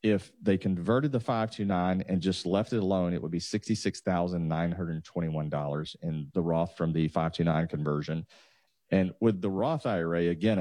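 A man's voice: low voice, mellow, no echo. A man, a financial advisor patiently walking listeners through numbers on a talk show. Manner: explanatory, walks through numbers step by step.

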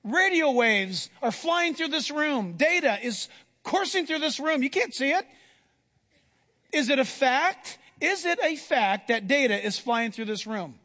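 Animated high-voiced male preacher in a hall. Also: measured pace. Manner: animated storytelling, acts out Bible voices. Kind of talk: sermon. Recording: long hall reverb.

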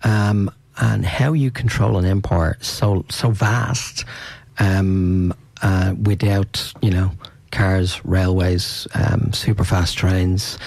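Male radio host, low and gravelly, rambling casual chat, dry close sound. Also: fairly even intonation, slow pace, a little mellow, no room sound. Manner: rambling, repeats words, laughs easily.

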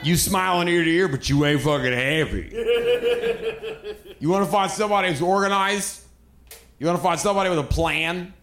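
Ranting, profane stand-up comedian. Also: male voice, a little high, a little fast, pauses often. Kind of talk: stand-up set. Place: comedy club stage. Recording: echoey club with crowd laughter.

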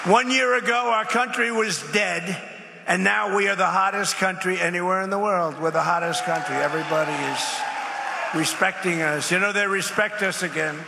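A man's voice: high-pitched, moderate pace, vocal fry, a crowd in the background, background noise. A man giving an off-the-cuff speech at a public event, repeating his points with emphasis and wandering into asides. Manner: repetitive, emphatic, rambling asides. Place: large event space. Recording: reverberant hall with faint ambience.

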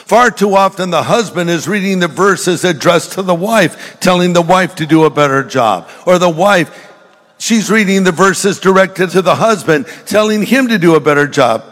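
An older pastor, sounding expressive and fairly bright in a voice that sits high, delivers a sermon at normal speed. He jokes, shares stories, and talks straight to the people in the pews, and the church audio has the long reverb of a large hall.

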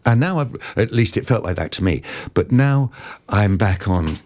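A man, an actor being interviewed, telling stories about his career in an animated, expressive way. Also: lowish voice, normal speed. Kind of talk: conversational interview, storytelling.

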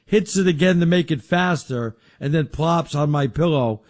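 A man co-hosting a casual sports talk show, an animated, excitable storyteller. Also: a little high, moderate pace.

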